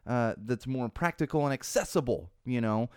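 A chatty male host talking loosely and animatedly, his delivery full of fillers and easy chuckles. His voice is smooth and clean, sitting in the middle of the male range. The recording is close and dry, with no room sound. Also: medium pitch, normal speed, a little mellow, no room sound. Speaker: podcast host. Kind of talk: casual chat about trending topics.

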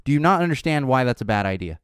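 A man in his thirties talking casually about parenting, exasperated, with sudden high-pitched quotes of his young kid. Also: sing-song, quick pace, clear, resonant tone, no room sound, studio quality. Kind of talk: casual monologue.

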